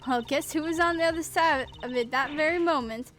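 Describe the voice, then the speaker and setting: A brash, folksy woman photographer barks in a high, drawling put-on Southern accent, as a woman voices her. She talks slangy and pushy, shooing people off. Faint game music hums under her. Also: brisk, a bit bright. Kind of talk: game voice-acting.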